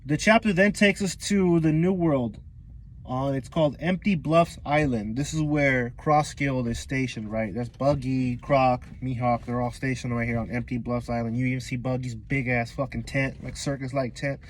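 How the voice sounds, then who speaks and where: A man's voice: medium pitch, steady tone, moderate pace, slight background noise. Slangy, profane man recapping a comic chapter. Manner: slangy and profane, laughing often. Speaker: manga review YouTuber.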